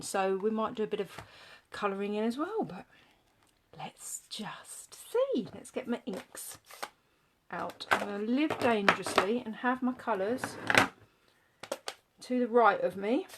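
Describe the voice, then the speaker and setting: A woman's voice: a little high, a bit bright, a little hiss or hum. A woman demonstrating papercraft in a live-streamed tutorial, chatting and thinking aloud as she works and greeting viewers by name.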